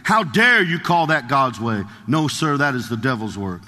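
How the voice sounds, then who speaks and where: A preacher reading out an impassioned old-time pastor. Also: male voice, medium pitch, big pitch swings, moderate pace, bright, forceful tone, big-room sound. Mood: furious. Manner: fervent, declaiming. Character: grieving then furious male pastor in prayer.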